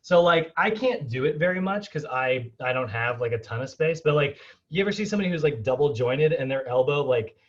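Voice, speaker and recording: A man teaching a fitness class online, casual and upbeat, sprinkling his talk with fillers and quick laughs. His voice comes through a dull, lo-fi video call line. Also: medium pitch, animated. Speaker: fitness instructor.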